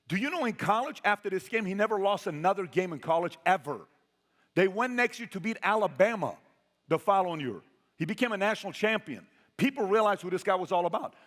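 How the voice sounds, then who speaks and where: A man's voice: high-pitched, fairly bright tone. A man giving a motivational talk over video clips, emphatic and repeating questions to his audience. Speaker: motivational speaker. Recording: long hall reverb.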